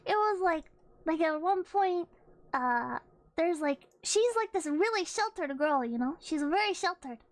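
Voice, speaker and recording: A woman's voice: extremely high pitch, lively intonation, measured pace, dry recording. A woman streamer chatting casually, rambling with frequent laughs and swearing. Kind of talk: casual chat.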